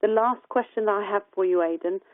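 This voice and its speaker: A woman's voice: medium pitch, fairly quick, no echo. A woman moderating a webinar, relaying audience questions hesitantly with many fillers. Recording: tinny phone-like webinar audio.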